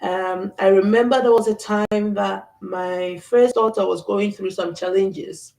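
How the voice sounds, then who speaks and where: A woman's voice: medium pitch, steady tone, unhurried, creaky, mellow, recorded from a distance. Earnest woman in an echoey room. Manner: earnest, reflective, with many fillers and restarts. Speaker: host. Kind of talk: faith-based talk.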